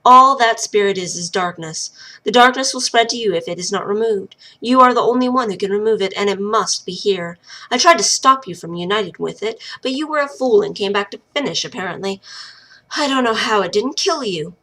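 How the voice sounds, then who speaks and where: A stern warrior woman who lectures and warns in a cold, commanding way, as a woman reading aloud voices her. Her tone stays bright and firm. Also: medium pitch, lively intonation, a little fast.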